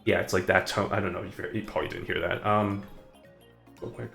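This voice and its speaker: Rambling male streamer, low gravelly voice, faint music behind. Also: flat delivery, fairly quick, a bit bright. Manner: rambling, hesitant, self-correcting. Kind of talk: casual live-stream commentary.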